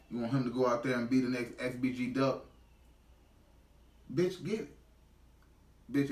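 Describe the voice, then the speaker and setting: A man's voice: mid-range voice, reverberant, far from the mic. A man giving a heated, profane reaction commentary in blunt street slang.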